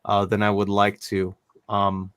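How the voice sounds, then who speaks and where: A man's voice: lowish voice, monotone, measured pace, fairly bright tone, clean tone, no room sound. A man as a guest in a casual chat, talking eagerly and rambling with fillers.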